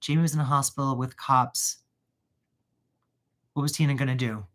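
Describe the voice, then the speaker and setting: A man hosting his own channel, chatting casually while wrapping gifts, animated and prone to going off on rants and tangents. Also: mid-range voice, moderate pace. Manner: animated, ranting, goes off on tangents. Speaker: channel host.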